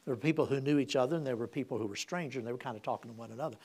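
Casual: older guy preaching, raspy gravelly voice, tells a story and keeps restarting lines. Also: mid-range voice, racing, a little mellow. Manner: storytelling with repeated restarts, swelling in emphasis. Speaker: pastor. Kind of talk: sermon, personal story.

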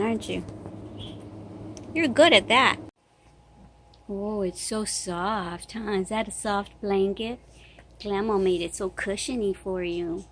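A woman's voice: medium pitch, a little hiss or hum. A middle-aged woman vlogger talking baby talk to an infant at home, cooing and sing-song, recorded on a phone. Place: home, indoors.

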